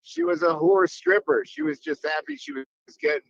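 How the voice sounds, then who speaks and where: A man telling crude stories in a loose podcast chat, quick to jump into other voices. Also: very high voice, gravelly, no echo, lo-fi sound. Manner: crude, animated storytelling with quick voice switches. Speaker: guest comedian.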